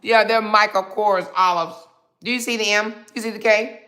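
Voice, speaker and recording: Munching on snacks as she goes, a livestream host reads viewer comments aloud and answers them with sass and mockery. She has a medium-pitched, sharp-toned voice with fairly even intonation and a moderate pace.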